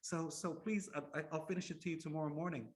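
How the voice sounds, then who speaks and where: Casting: man playing a sweet, clever young princess, weary and pleading, voice lifted higher, told as a spoken tale. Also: fairly even intonation, fast talker, lightly acted. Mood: tired pleading.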